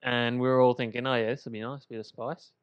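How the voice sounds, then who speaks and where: A man co-hosting a podcast, ribbing his guest with a playful, teasing edge. His voice is smooth and clean at a middle pitch. It is recorded dry and slightly dull in a small home studio. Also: level tone, quick pace, dry recording. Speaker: podcast co-host. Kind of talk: casual storytelling chat.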